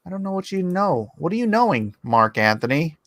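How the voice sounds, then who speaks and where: A man's voice: on the high side, big pitch swings, a little fast, a bit bright, no echo. A middle-aged man hosting a casual live art auction, joking and teasing as he chats. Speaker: auction host and comic artist. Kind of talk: casual livestream chat.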